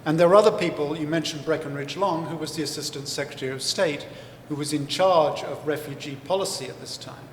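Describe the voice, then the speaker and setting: Speaking a little fast with few pauses, a male author and historian gives thoughtful explanations in a live festival interview, full of fillers and restarts. His voice is slightly high and steady. The recording, made in a large, echoey book-festival hall, carries faint ambience and a touch of hiss or hum.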